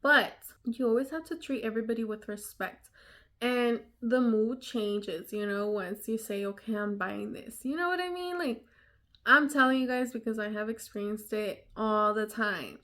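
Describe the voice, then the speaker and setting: A woman's voice: fairly high pitch, normal speed, a bit bright. Chatty young woman vlogger. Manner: chatty, many fillers like "you know". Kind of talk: casual storytime chat.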